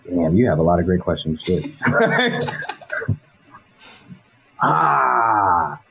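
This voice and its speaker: A man from Los Angeles, a guest in an interview, talking in a relaxed, rambling way with frequent swearing and laughter. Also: low voice, drawn-out words, gravelly, a little hiss or hum, rough recording. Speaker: guest, animation director. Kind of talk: casual interview chat.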